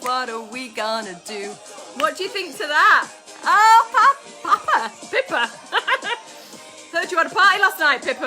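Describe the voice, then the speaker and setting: A woman's voice: high-pitched, pushed and bright. A woman hosting a casual live stream with viewers, exuberant and swearing freely as she chats. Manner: exuberant, swears freely, sings along to music. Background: music playing.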